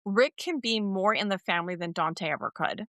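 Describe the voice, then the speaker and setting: A woman co-hosts a podcast in casual chat. Her voice is bright and forceful, and she acts out what others said in put-on voices. The sound is dry and close to the microphone. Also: mid-range voice, lively intonation, normal speed, no echo. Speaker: podcast co-host. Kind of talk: casual chat recapping a soap opera.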